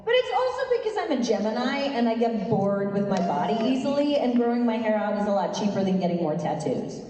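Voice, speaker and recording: A woman's voice: medium pitch, sing-song, quick pace, dark tone, slight background noise. A woman from Oregon on a convention panel, chatting with fans in a playful, jokey way. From Oregon, USA. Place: large convention hall. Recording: echoey convention hall, from far off.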